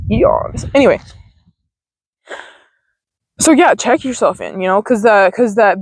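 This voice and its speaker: Young woman, higher voice, casual self-help vlog, rambling and chatty, drops the odd swear word, outdoors on a phone, dry close sound. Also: no echo, low-quality recording. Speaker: mindfulness vlogger. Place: outdoors in a field.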